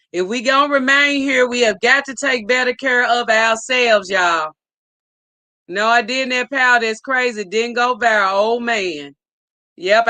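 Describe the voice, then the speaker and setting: A woman's voice: fairly high pitch, sharp tone, no room sound. A woman hosting a casual live stream, reading viewer comments aloud in an upbeat, effusive way.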